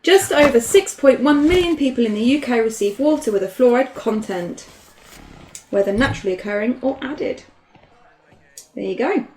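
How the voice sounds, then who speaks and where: A woman's voice: a little high, animated, normal speed, a little mellow, a little hiss or hum. Giggly woman commentator. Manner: giggly, playful banter. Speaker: game commentator. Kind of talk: casual commentary on a card game.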